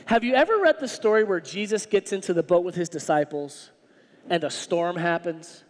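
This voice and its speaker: A male pastor preaching a sermon in an animated, humorous, conversational way. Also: sits high, moderate pace, in a large hall.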